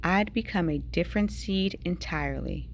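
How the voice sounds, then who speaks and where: A woman reads a bedtime picture book aloud in an unhurried, storytelling rhythm, her voice rising and falling in wide, lively swings. A gravelly edge of vocal fry creeps into her lower notes, and now and then she drops to a hushed whisper for effect. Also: a little hiss or hum. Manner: dramatic storytelling with sudden hushed whispers and big pitch swings. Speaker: teacher reading aloud.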